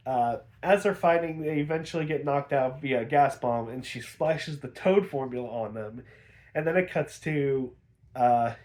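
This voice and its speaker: A man's voice: fairly high pitch, a little mellow. A young man giving a casual, chatty recap of a TV episode, laughing often and using many fillers. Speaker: episode reviewer.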